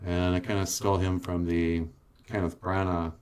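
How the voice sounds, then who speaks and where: A cartoonist with an Ojibwe reservation accent, giving a casual, rambling studio tour with jokes and lots of fillers. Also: male voice, sits low, level tone, moderate pace, a little mellow, a little hiss or hum. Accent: Ojibwe reservation English. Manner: rambling, joking, with many fillers. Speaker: show creator and cartoonist.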